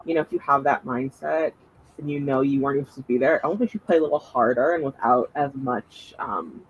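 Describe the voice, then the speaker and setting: A man's voice: mid-range voice, fairly quick, muffled recording. Hesitant chatty man, faint background hiss. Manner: thinks aloud with many fillers and restarts. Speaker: podcast co-host. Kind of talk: casual chat.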